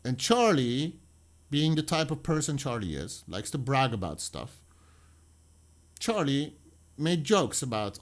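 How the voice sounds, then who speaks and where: A man commenting on a video in an animated, argumentative way, often acting out quotes. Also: medium pitch, a little slow, pauses often. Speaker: true crime reaction commentator. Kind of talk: reaction commentary.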